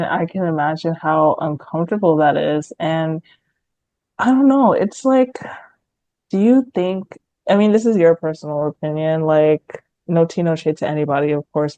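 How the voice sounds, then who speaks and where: A woman hosts a podcast, her voice very low and mellow. She asks curious, encouraging questions, and the sound is dry and close. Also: no room sound, highs cut off. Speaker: podcast host. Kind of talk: casual interview questions.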